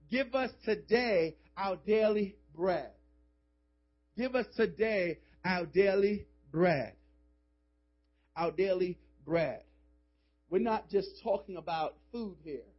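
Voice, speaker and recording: A male pastor with a high voice preaches in a church, pressing his points with emphatic calls and casual, joking asides. The recording is dull and lo-fi. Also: slow, long pauses. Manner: emphatic, call-and-response urging. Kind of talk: sermon. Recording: dull lo-fi sermon audio.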